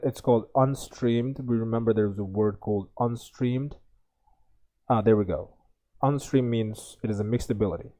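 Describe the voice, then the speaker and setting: Uzbek-accented male tutor, mellow tone, halting think-aloud delivery. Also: mid-range voice. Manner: hesitant, many fillers and restarts. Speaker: IELTS tutor. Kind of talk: think-aloud exam lesson.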